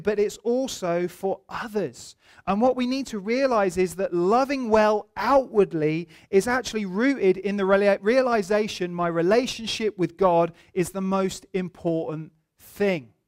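A man preaching a sermon as a pastor, conversational and telling humorous stories. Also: high voice.

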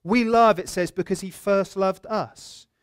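High-voiced man preaching. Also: steady tone, measured pace, clear, resonant tone. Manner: conversational preaching with humorous anecdotes. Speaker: pastor. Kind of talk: sermon.

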